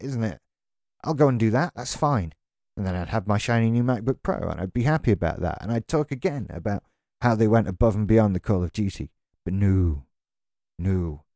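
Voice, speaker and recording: A man's voice: mid-range voice, darkish tone, no room sound, clean studio sound. A man delivering an exasperated, sarcastic, sweary rant as a tech vlogger. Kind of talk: ranting monologue to camera.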